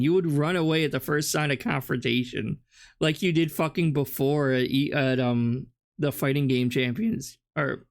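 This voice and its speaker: A man with a notably high voice mocks the clip he is reacting to. His sarcastic, combative commentary is laced with swearing. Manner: mocking, combative, swears a lot. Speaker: reaction channel host.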